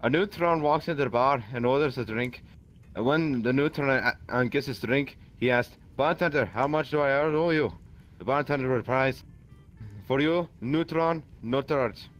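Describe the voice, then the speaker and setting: A man's voice: mid-range voice, moderate pace, lightly acted. A man voicing a crude, bumbling male leprechaun stand-up comic who stumbles and repeats himself, over voice chat with music behind.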